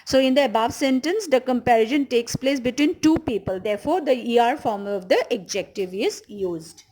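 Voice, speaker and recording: A woman with an Indian English accent teaches an English grammar lesson, explaining patiently and slowly repeating key words. Her voice is a little high with a darkish tone, and the rough recording has slight background noise.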